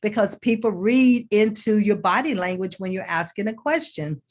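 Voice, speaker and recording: A woman's voice: mid-range voice, moderate pace. A woman career coach speaking as a guest on a talk show. She explains things step by step and acts out example questions to show her point. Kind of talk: conversational teaching.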